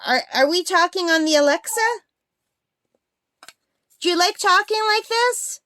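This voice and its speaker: A woman's voice: very high voice, lively intonation, measured pace, sharp tone, dry recording. A woman in her bedroom talking to her pet bird in playful baby talk. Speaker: craft vlogger, pet owner. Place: upstairs bedroom.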